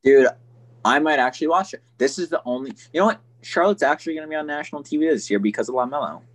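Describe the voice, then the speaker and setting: A man's voice: on the high side, fast. A man co-hosting a casual sports podcast, rambling and joking with frequent laughs.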